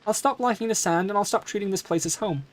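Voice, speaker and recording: A man's voice: high-pitched, fast talker, pitched above the performer's own voice, natural voice. A man doing an earnest young daughter. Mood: pleading. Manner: pleading, earnest. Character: earnest young desert daughter, devoted to her father.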